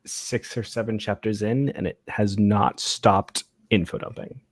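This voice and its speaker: Quiet, hesitant low-voiced man. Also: steady tone, measured pace, background noise. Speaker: podcast co-host. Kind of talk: casual chat. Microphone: computer mic on a voice call.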